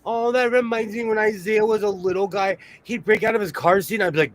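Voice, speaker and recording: Chatty man with a slightly high voice. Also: fairly quick, slight background noise. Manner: chatty, laughs often while telling stories. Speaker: co-host. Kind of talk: casual chat.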